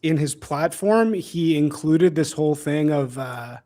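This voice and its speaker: Higher-voiced man, chatty and blunt. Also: a little slow, mellow. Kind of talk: casual political conversation.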